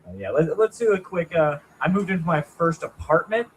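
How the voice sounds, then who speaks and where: A man's voice: a little high, lively intonation, a little fast, a little hiss or hum, low-quality recording. A young man doing a rambling, self-deprecating stand-up set at a small open mic, chatting with the crowd. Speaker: stand-up comic.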